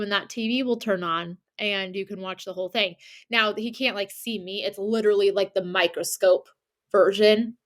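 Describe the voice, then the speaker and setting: A woman's voice: medium pitch, moderate pace. A young woman co-hosting a podcast, telling a story in casual chat and acting out the people in it. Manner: animated retelling with quoted voices and laughter. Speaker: podcast co-host.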